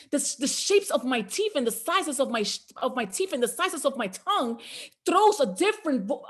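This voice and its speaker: A woman giving a motivational talk to a group call, preacher-like and exhorting, with repeated rallying lines. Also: sits high. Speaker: motivational trainer.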